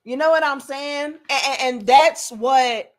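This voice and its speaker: Woman host, high voice, outspoken and profane, monologue style. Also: a little slow. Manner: blunt and profane, slips into mocking quoted voices. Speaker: commentary channel host. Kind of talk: opinionated monologue to camera.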